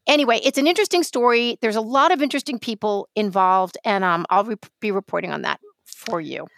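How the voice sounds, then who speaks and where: A woman co-hosting a podcast in casual chat, an animated storyteller who restarts her sentences often. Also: medium pitch, a little fast, dry recording. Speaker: podcast co-host.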